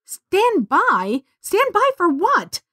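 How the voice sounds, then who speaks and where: A woman's voice: expressive, moderate pace, dry recording, studio quality. Woman doing a panicked stranded teenage girl. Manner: desperate, shrill outbursts. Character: frightened teenage girl stranded after a crash.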